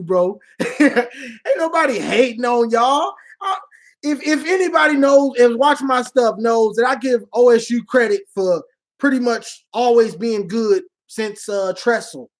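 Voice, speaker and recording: This online sports commentator has an extremely high-pitched, expressive voice and talks a little slowly. In a casual live Q&A, he fields fan questions in slangy banter, trash-talking and laughing often.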